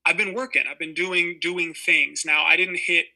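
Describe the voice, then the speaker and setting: A man in his twenties with a very bright, forward voice, sitting for a casual interview on a video call. He talks in loose, rambling stories, full of "you know" and "like". His pitch sits a little high for a man. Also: fairly even intonation, moderate pace, creaky, rough recording. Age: 20s. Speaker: actor guest.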